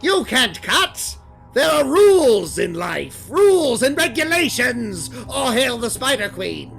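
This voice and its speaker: A pompous drow sorcerer, put on by a man, shrieks in a high, swooping voice. The zealot rants about rules with a gravelly edge and drawn-out, slow phrasing. Soft music plays in the background. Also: very animated, full character voice. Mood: indignant. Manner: shrill, indignant ranting.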